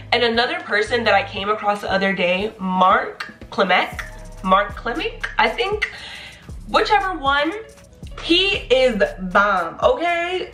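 A young woman in her twenties giving animated, encouraging advice in a casual vlog. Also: medium pitch. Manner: animated, chatty, playful, encouraging. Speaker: nursing graduate vlogger. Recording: echoey room.

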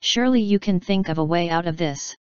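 A woman's voice: fairly low pitch, fairly quick, smooth, no room sound, highs cut off, close to an everyday voice. A woman voicing an alarmed female ladybird in a storybook reading. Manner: shouting, appealing.

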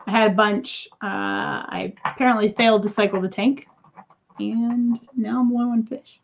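A woman's voice: medium pitch, fairly even intonation, unhurried, vocal fry, dull audio, a little hiss or hum. A woman in her thirties chatting casually to viewers while unboxing crystals, exasperated and talkative. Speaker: crystal seller.

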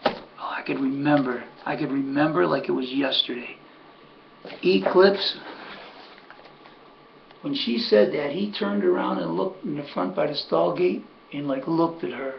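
A man's voice: on the high side, unhurried, vocal fry. An older man, a horse trainer, telling a rambling personal anecdote in a conversational way, full of restarts and asides. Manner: rambling, conversational, says "buddy", many restarts. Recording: dull lo-fi recording with faint hum.

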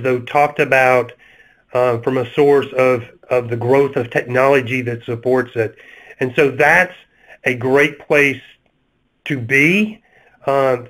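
A man with a Southern US accent talks through a webinar panel. He speaks at a middle pitch, stopping often with fillers and restarts as he gathers his points. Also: a bit bright, low-quality recording. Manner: halting, many fillers and restarts. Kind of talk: webinar discussion.

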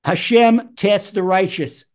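A man teaching Psalms as a rabbi, animated, acting out voices with wide swings in pitch. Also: takes it slowly. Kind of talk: Torah lesson.

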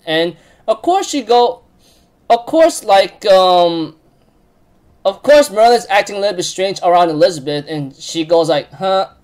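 A man with a notably high-pitched voice talks through a casual recap. He rambles, leans on fillers and often breaks into laughter. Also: lively intonation, measured pace, a little mellow. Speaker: recap host.

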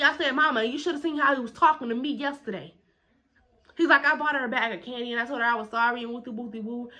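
A young woman telling a story in a casual vlog, animated and emphatic, with quick indignant retorts. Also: a little high.

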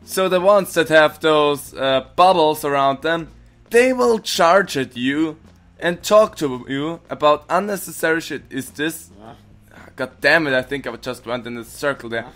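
A man giving playfully grumpy let's-play commentary, swearing and yelling strings of protests at the game. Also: fairly high pitch, unhurried. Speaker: gaming channel host.

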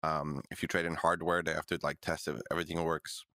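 Podcast co-host, young man, low pitch, dry close sound, loose and profane. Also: flat delivery, quick pace, fairly bright tone, dry recording. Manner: laid-back, swears freely, many fillers. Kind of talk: casual chat.

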